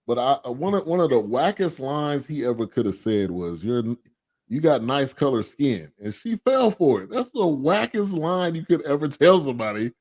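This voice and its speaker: A man co-hosting a movie review podcast, speaking in a relaxed, hesitant way with restarts. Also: fairly high pitch, normal speed, hardly any pauses. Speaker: podcast co-host. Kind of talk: casual movie review chat.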